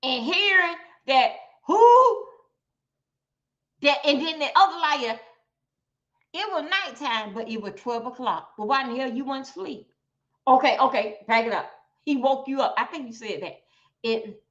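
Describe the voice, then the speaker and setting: A high, bright-voiced woman runs a casual livestream, calling out to her viewers in a blunt, profane, exclamatory way. Her sharp tone comes through dull, lo-fi stream audio. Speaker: livestream host.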